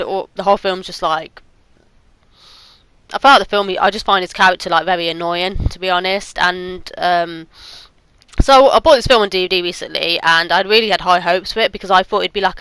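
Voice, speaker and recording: A woman's voice: mid-range voice, pushed and bright, smooth, no echo, low-quality recording. A woman giving a casual, rambling spoken movie review, often stopping to search for words.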